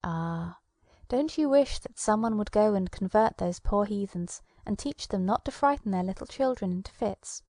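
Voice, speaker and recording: A woman's voice: medium pitch, moderate pace, dry recording, clean studio sound. Woman narrating a storybook dramatically. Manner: lively, dramatic storytelling with shifting voice. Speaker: audiobook narrator. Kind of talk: scripted narration of a children's fantasy book.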